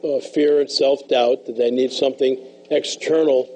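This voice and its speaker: An older man giving a motivational talk, telling stories in a folksy way and dropping to a hush for emotional lines. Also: mid-range voice, steady tone, normal speed, low-quality recording. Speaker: speaker and author.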